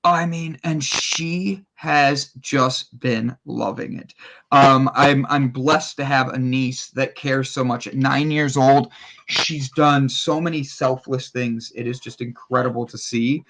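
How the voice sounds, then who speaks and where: A man from Ohio with an Ohio accent, a podcast guest in casual conversation who tells animated stories, playfully exaggerates and laughs. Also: medium pitch, slow. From Ohio, United States.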